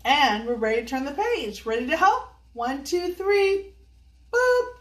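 An older woman reads a storybook aloud to children, slow and coaxing, a little high in pitch. She sounds a distance from the mic in an echoey room. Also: very animated, fairly bright tone. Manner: slow, sing-song, coaxing questions to kids. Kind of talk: reading a picture book to children.

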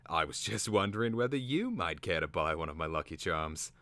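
A man voicing a shrewd, complaining male creature who sells charms, wheedling and gruff. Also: low-pitched, lively intonation, fairly quick, bright, forceful tone, no echo, full character voice. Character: grumbling male creature peddler, wary, shrewd. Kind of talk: dramatic reading.

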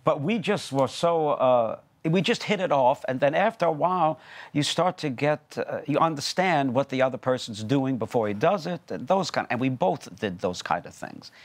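Older male guest, former opera singer, animated and chatty, mid pitch. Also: moderate pace. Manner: chatty, rambling, with many restarts. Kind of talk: TV interview conversation.

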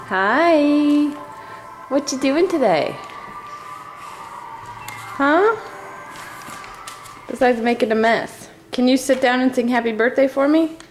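Brief: mom behind a home camera, slightly high voice, slow and gently coaxing her toddler. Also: a little hiss or hum. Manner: coaxing, encouraging, sing-song baby talk. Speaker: mother filming her toddler. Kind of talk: home video, talking to a toddler. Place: at home indoors.

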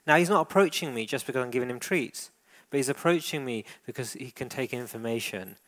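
A man coaches a dog owner through a live demonstration. He talks in a gentle, encouraging way and describes each thing the dog does. His pitch sits in the middle range for a man. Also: lively intonation, quick pace. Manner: gentle, encouraging, narrates the dog's behaviour. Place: indoor event hall.

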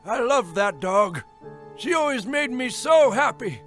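A man voicing a forgetful elderly grandfather in a cartoon, who talks slowly and haltingly and trails off. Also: extremely high pitch, very animated, a bit bright, faint music behind, exaggerated voice. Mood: wistful. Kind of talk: cartoon voice acting.

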